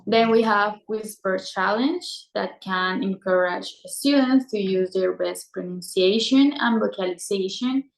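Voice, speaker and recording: Woman, slow careful read-aloud presentation, echoey room. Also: mid-range voice, creaky.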